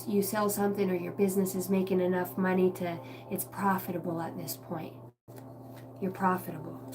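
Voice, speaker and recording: A woman's voice: lowish voice, noisy background. A woman giving a casual tarot reading on a livestream. She talks bluntly and chattily and swears freely. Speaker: tarot card reader.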